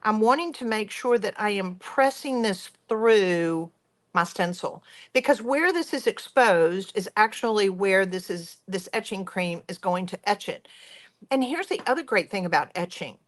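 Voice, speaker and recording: A woman's voice: medium pitch, animated, unhurried. A woman hosting a craft tutorial, chatty and enthusiastic as she talks viewers through each step. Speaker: craft workshop host.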